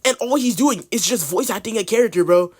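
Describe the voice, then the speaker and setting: A man's voice: high-pitched, lively intonation, fairly quick, breathy edge. A young man telling a story from school in a casual, slangy way, full of fillers.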